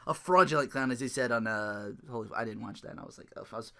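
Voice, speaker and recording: A man hosting a solo recap podcast, talking in an animated, ranting way, laughing often and swearing freely. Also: fairly high pitch, fast talker, hardly any pauses. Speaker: podcast host.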